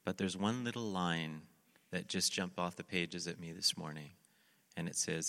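A male pastor preaching a sermon, telling the story in an animated way and acting out the quotes. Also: sits low, normal speed, gravelly, in a large hall.

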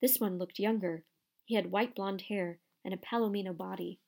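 Woman audiobook narrator, mid pitch, gravelly, steady storytelling. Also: moderate pace.

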